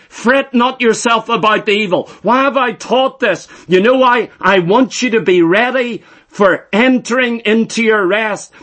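A man's voice: very high-pitched, a bit bright. A middle-aged man preaching a sermon, emphatic and repeating phrases for stress.

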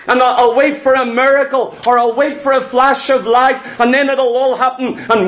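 A man with a very high voice delivers a sermon to his congregation. He talks in a lively, conversational way, circling back with repeated phrases and quick asides before he presses each point home. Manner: animated, conversational preaching with repetitions and asides. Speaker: preacher.

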